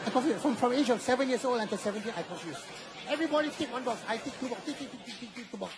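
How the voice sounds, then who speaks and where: A Malaysian man in his fifties tells a stand-up story on stage, his voice sitting high for a man. He acts out the people in the story as he goes. The sound carries a long hall reverb with a faint audience hum behind it. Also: very fast, a crowd in the background. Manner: animated, acts out other people with a high put-on voice. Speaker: stand-up comedian. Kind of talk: stand-up comedy.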